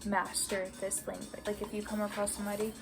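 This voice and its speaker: A woman's voice: mid-range voice, flat delivery, brisk. An American woman vlogging casually about learning a language, earnest and encouraging as she shares tips. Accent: American English. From United States. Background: background music.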